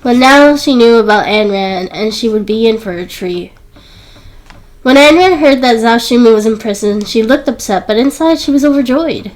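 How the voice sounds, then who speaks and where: A woman narrates a romance audiobook in a high, light voice. She reads in a steady storytelling manner and pitches up further whenever a character speaks. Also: moderate pace, poor audio. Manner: lifts her voice higher for quoted characters. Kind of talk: scripted narration.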